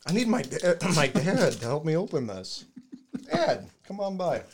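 A man's voice: on the high side, wildly swooping pitch, normal speed, slight background noise. A man in casual livestream chat, wisecracking and swearing while eating.

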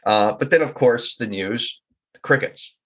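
Middle-aged male guest, husky, open and reflective, stumbles over words now and then. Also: medium pitch, measured pace, fairly bright tone. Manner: candid and reflective, with occasional stammering. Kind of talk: personal storytelling in an interview.

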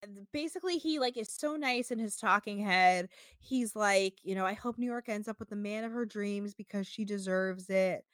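A woman's voice: medium pitch, moderate pace, hardly any pauses, no echo, clean studio sound. A young woman hosting a podcast, recapping episodes in a rambling, filler-heavy way and slipping into mocking voices. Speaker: podcast host. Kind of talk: casual chat recapping a show.

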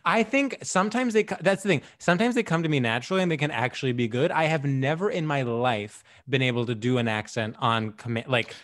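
A man's voice: medium pitch, quick pace, hardly any pauses, a bit bright. A young man co-hosting a podcast in casual chat, playful and self-mocking, often laughing at himself. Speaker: podcast co-host.

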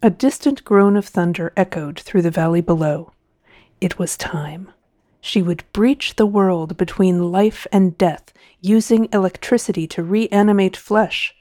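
Brief: female audiobook narrator, warm and mellow, dry close-mic studio sound. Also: mid-range voice, no room sound. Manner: expressive, measured storytelling. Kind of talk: scripted narration.

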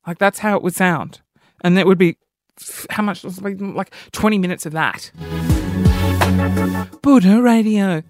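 A man's voice: high-pitched, unhurried, long pauses, music in the background. A young man hosting a podcast alone, rambling in a chatty, self-mocking way. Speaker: podcast host. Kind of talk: solo comedic podcast chat.

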